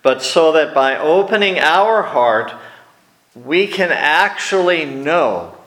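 A man with a fairly high voice preaches slowly and deliberately, telling wry stories and dropping into soft asides. His sermon rings around an echoey church hall. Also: lively intonation. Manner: storytelling, wry, drops to quiet asides. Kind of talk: sermon with personal anecdotes. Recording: echoey room.

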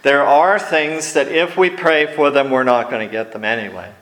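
A man preaching a sermon, telling wry personal stories and slipping into quiet asides, recorded in a church hall. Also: mid-range voice, moderate pace. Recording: echoey room.

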